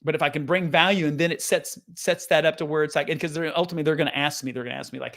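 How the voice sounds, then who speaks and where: Earnest higher-voiced man coaching business. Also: very fast, vocal fry. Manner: earnest, lively, acts out quoted voices, frequent restarts. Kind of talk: casual motivational talk to camera.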